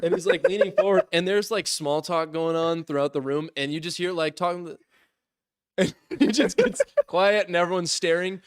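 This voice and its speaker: A young man casually telling a funny story on a podcast, lively, acting out what others said and laughing often. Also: sits high, normal speed, clear, resonant tone, no room sound, studio quality. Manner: animated, acts out quotes in voices, laughs often. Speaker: podcast co-host.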